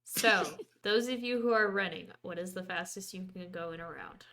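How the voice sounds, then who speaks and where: A woman's voice: fairly low pitch, normal speed, bright, forceful tone. Woman narrating as dungeon master. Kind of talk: narrating a tabletop game.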